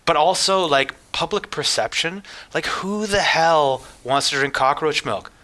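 A man's voice: fairly high pitch, measured pace, sharp tone. A man co-hosting a casual health news chat, wry and joking, thinking aloud with many fillers. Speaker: show host.

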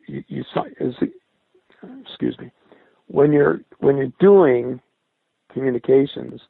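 An older man, a former military radio linguist, recalling his service in a halting interview style, often repeating and restarting words. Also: medium pitch, gravelly, slightly rough, no echo. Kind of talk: recollecting in an interview. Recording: dry, tinny phone-like sound.

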